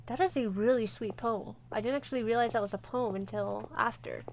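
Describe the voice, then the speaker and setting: A woman's voice: a little high, a little fast, creaky, few pauses, slight background noise. A woman commenting casually on a horror game, reading its text aloud and talking to her viewers. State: near tears. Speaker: gaming YouTuber. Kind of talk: let's play commentary.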